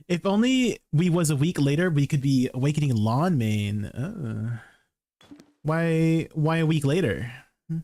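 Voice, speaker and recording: Slow-talking man streamer chatting with chat. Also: fairly high pitch, big pitch swings, darkish tone, no room sound. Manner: chatty, talks to chat while singing along to music. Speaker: live streamer. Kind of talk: casual live-stream chat.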